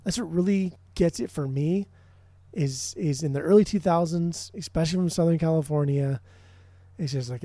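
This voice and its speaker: A man's voice: a little high, moderate pace, warm tone, no echo. A man co-hosting a podcast in casual music chat, rambling, swearing often and restarting his sentences. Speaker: podcast co-host.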